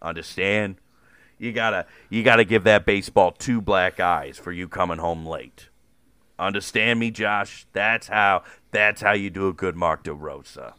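A man's voice: low-pitched, a little slow, sharp tone, clear, resonant tone, no echo, pitched below the performer's own voice. A man putting on a brash, self-important male baseball manager who boasts and bosses people around. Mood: bossy lecture. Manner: boastful, bossy coaching talk. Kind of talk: celebrity impression on a podcast.

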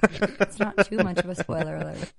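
A woman's voice: lowish voice, moderate pace, creaky. Giggly woman from Wisconsin, chatty. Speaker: co-host. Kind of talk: casual chat.

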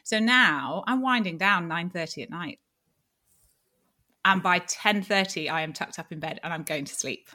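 A woman hosting an interview show, chatting with animated enthusiasm. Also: lowish voice, moderate pace. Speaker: podcast host. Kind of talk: casual interview chat.

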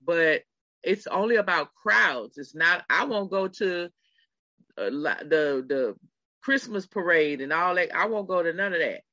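Bright-voiced middle-aged podcast host, unhurried. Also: medium pitch, animated, dry recording. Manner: storytelling, talking straight to listeners. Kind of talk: casual podcast chat. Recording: slightly dull lo-fi sound.

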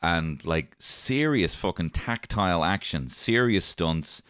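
A man co-hosting a casual film chat, animated and swearing freely as he acts out lines from scenes. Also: low voice, takes it slowly, clear, resonant tone, no room sound, clean studio sound. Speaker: podcast co-host reviewing films.

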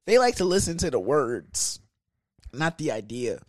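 A young man hosting a podcast spins a profane, casual story, laughing as he goes. His voice sits a little high and swings widely in pitch. The sound is close and dry, with no room to it. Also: big pitch swings, measured pace, dry recording. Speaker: podcast host.

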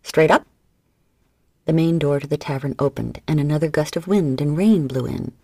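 A woman narrating an audiobook in an expressive storytelling manner. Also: sits low, fairly quick, no echo, clean studio sound.

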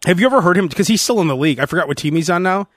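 A high-pitched man hosting a casual comedy podcast, animated and playful, slipping into impressions of other people as he jokes. His voice is close and dry on the studio mic, with no room sound around it. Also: racing, dry recording. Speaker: podcast host.

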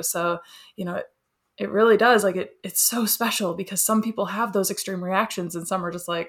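A woman's voice: mid-range voice, steady tone, a little fast, fairly bright tone. A young woman talking as a guest in a casual interview, chatty and enthusiastic, laughing often. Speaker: welder and artist guest.

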